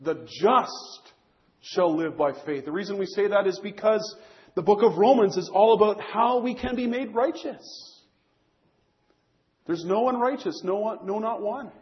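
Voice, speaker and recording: A man's voice: high-pitched, normal speed, lo-fi sound. A man preaching a sermon to a congregation, earnest, repeating key phrases, with frequent restarts. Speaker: pastor.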